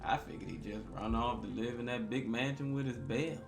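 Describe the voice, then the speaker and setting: A man's voice: mid-range voice, steady tone, normal speed, vocal fry, lightly acted. A man voicing a gossipy camp cafeteria worker with a folksy drawl while reading a game aloud. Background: game music.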